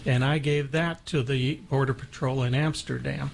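A man guest on a radio show, telling a personal story in a halting way with many fillers. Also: medium pitch, fairly even intonation, gravelly, a little hiss or hum.

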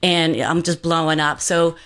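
A woman's voice: sits low, fairly even intonation, measured pace, a bit bright, clean tone. A woman guest giving an earnest personal testimony in casual talk, with many fillers and restarts.

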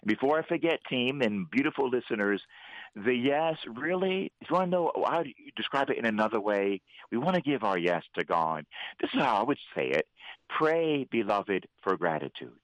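A priest hosting a Catholic radio show, preaching fervently and leading prayer. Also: male voice, mid-range voice, moderate pace, dry recording, poor audio. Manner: fervent, preacherly, animated when voicing God. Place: radio studio.

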